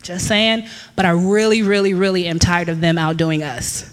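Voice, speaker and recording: A woman in her thirties telling a lively personal story to a church congregation, laughing often and acting out what people said. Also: lowish voice, moderate pace, big-room sound. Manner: animated storyteller, laughs often, acts out quotes. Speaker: church speaker. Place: church hall.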